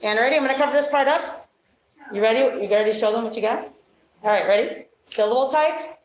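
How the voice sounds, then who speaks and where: A woman teacher leading a classroom phonics demonstration with brisk quizzing questions and quick praise. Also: a little high. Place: meeting room. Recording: echoey room.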